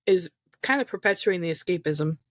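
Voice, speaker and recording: A woman's voice: lowish voice, animated, brisk, no room sound. A woman co-hosting a recovery podcast over a remote call, talking things through in a reflective, rambling way with fillers. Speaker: podcast co-host. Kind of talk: casual podcast chat about trauma recovery.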